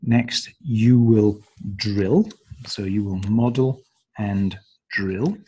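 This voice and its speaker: Slow, low-voiced man with a husky tone. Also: mellow. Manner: hesitant, many ums and uhs. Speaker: teacher trainer. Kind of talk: instructional walkthrough of a lesson plan.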